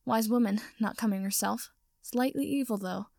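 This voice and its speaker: A woman voicing a good-natured, teasing young male wizard, with a slightly gravelly voice. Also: mid-range voice, normal speed, a little mellow, no room sound, clean studio sound, close to an everyday voice. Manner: teasing, amused.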